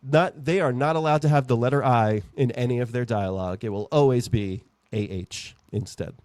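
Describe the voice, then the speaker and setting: A man's voice: medium pitch, normal speed, darkish tone, dry recording. A man hosting a podcast, chatting in a rambling, jokey way. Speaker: podcast host. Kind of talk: casual podcast chat.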